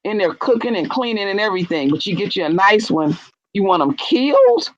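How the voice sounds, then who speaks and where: A woman, chatting casually on a live stream, animated and blunt, acting out quotes with big jumps in pitch. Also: a little fast, dull audio. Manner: blunt and profane. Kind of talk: casual chat.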